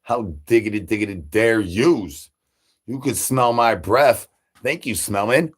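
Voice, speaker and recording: A man's voice: lowish voice, unhurried, husky. Man rambling absurd rhyming nonsense. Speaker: comedy channel creator. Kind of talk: absurd rambling comedy bits.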